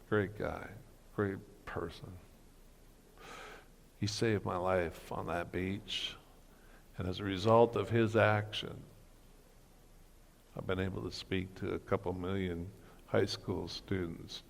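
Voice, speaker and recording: Slow, gravelly man in a reverberant hall. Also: deep voice, a little hiss or hum. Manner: slow, earnest storytelling. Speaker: guest speaker. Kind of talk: personal testimony talk. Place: church hall breakfast gathering.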